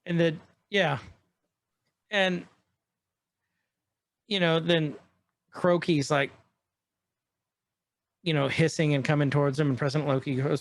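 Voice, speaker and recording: Man, slightly high voice, podcast co-host, casual excited chat, rambling recap. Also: no echo. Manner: excited, rambling, retells scenes while pausing the show.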